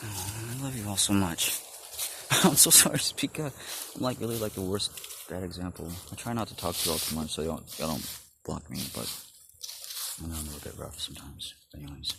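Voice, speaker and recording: A man in a casual vlog, rambling with many fillers, laughing often and drifting between loud and murmured talk. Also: low-pitched, brisk, vocal fry. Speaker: vlogger. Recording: background noise.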